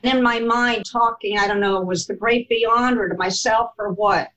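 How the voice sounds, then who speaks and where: A woman telling a personal story in an interview, animated and laughing as she goes. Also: on the high side, normal speed, poor audio. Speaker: guest telling her life story.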